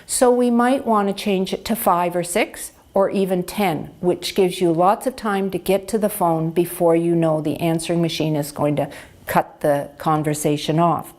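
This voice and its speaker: A woman hearing care counselor gives an educational health talk. She speaks on a lapel microphone and explains clearly and patiently, with practical examples. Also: fairly low pitch, steady tone, moderate pace, a little mellow.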